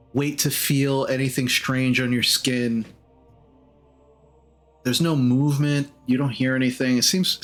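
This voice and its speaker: A man narrates as the dungeon master of a live-streamed tabletop game. His voice sits at an ordinary middle pitch. He talks in halting bursts, padding his descriptions with small fillers. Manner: halting, full of "uh" and "like".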